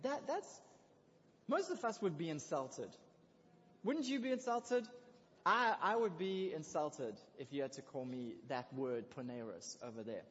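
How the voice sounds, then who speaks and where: A man preaching a sermon in a lively, conversational way, with excited asides. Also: a little high, unhurried, breathy edge. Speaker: pastor. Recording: dull lo-fi recording in a reverberant hall.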